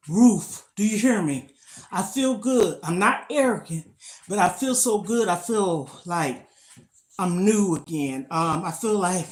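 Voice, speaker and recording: Chatty older woman motivating viewers. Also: mid-range voice. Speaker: lifestyle vlogger. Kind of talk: casual live-stream chat while exercising.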